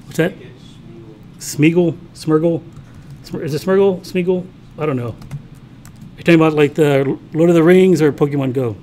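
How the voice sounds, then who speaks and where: This man talks fairly quickly in a slightly high, dark-toned voice, with slight background noise. As a college programming instructor, he live-codes in class, casual and thinking aloud to himself while typing, often checking in with students.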